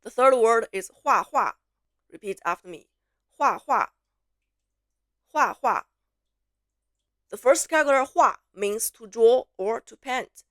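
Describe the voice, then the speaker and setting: A woman teaching pronunciation, slowly repeating syllables and words for learners to copy, switching between English explanations and drills. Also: on the high side, lively intonation, fairly bright tone, no room sound, studio quality. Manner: slow, clear repetition, drawn-out syllables for learners. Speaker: Mandarin teacher.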